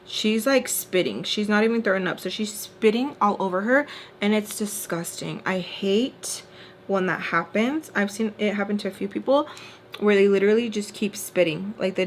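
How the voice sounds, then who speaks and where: A woman's voice: medium pitch, moderate pace. Young woman, twenties, casual storytime vlog, chatty, exasperated, close camera mic, faint hiss. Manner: chatty, exasperated retelling with quoted back-and-forth. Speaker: storytime vlogger. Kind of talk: casual storytime while doing makeup.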